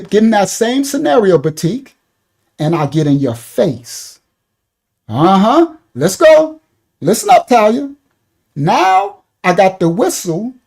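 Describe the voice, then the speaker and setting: A man's voice: high voice, gravelly, darkish tone, breathy edge. A man giving loose, repetitive livestream commentary, talking to his chat viewers by name. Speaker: online commentator.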